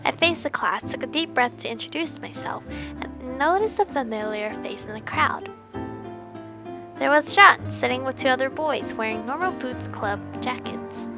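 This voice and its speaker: Young woman streamer, bright and a bit high, giggly narrator with music under. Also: lively intonation, moderate pace, rough recording. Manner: playful, giggly asides between narration. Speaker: game streamer. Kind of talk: reading a visual novel aloud with reactions.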